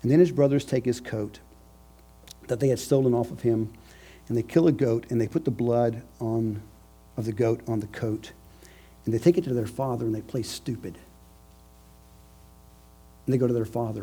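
A man preaching a sermon, emphatic and repetitive, swinging between loud declarations and hushed phrases, with a husky voice. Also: mid-range voice, fairly even intonation, moderate pace, pauses often.

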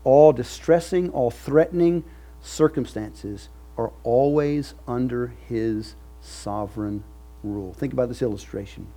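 Brief: man, pastor mid-sermon, breathy-rough tone, emphatic rhythm. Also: mid-range voice, unhurried, warm tone, faint music behind. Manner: emphatic, repetitive preaching cadence.

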